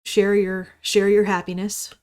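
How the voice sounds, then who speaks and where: A woman's voice: mid-range voice, level tone, measured pace, smooth. A woman in her thirties hosting a podcast, rambling casually in a solo monologue, swearing often and mock-ranting. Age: 30s. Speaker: podcast host.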